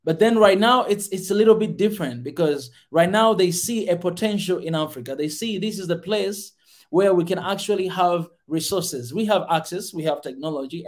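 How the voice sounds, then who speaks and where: High-voiced man, fiery and repetitive. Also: a little fast. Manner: emphatic, repeats key words over and over. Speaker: podcast host. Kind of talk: passionate commentary reacting to a video.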